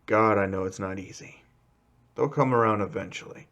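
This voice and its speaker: A man's voice: lowish voice, moderate pace, a bit bright, highs cut off. A man doing a grizzled hero consoling his nephew. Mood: gentle. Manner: gruff but comforting. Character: grizzled older male hero, gentle uncle.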